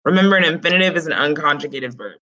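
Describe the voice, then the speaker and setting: A woman's voice: sits low, fast, bright, forceful tone, highs cut off. A woman teaching Spanish grammar in an online class, explaining it step by step in a casual way.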